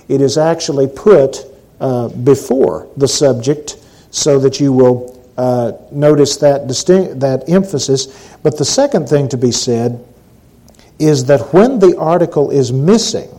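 A man preaching a sermon, emphatic and deliberate, repeating key phrases slowly for stress and at times dropping to a hushed delivery. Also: a little high, rough recording.

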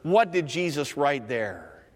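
A man preaching a sermon, swinging between loud, high proclaiming and hushed, low asides. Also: sing-song, slow. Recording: long reverb of a church hall.

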